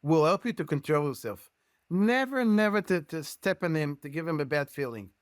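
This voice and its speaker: A man whose first language is Hebrew, speaking as a guest rabbi and educator in earnest, halting English full of Hebrew terms. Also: a little high, animated, clear, resonant tone, no room sound, clean studio sound. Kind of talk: podcast discussion.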